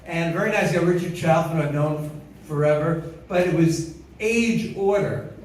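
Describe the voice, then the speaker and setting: A man's voice: a little high, normal speed, a little hiss or hum. An older man, a comedian, giving a rambling, self-deprecating tribute speech. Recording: echoey hall from far off with crowd.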